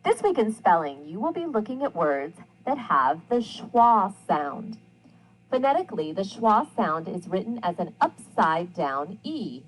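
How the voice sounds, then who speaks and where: A woman's voice: medium pitch, sing-song, measured pace, poor audio. A woman teaching a recorded grammar lesson, enunciating sounds and words with care and reading example sentences aloud with emphasis.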